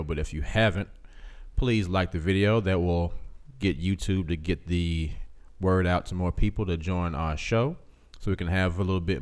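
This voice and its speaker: This livestream host has a deep voice with a darker tone. He talks casually and easily with his viewers, often saying the same things more than once.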